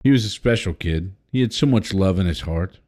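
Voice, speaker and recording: A man's voice: low-pitched, lively intonation, brisk. A man hosting a casual podcast, reading out headlines and joking crudely. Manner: crude, jokey, swings between loud and mumbled. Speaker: podcast host.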